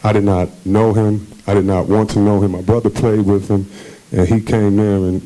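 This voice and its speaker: A man's voice: lowish voice, level tone, normal speed, dark tone, low-quality recording. A man, a former basketball player being interviewed on a conference stage, tells his stories casually and animatedly, acting out the voices of people he quotes and laughing often.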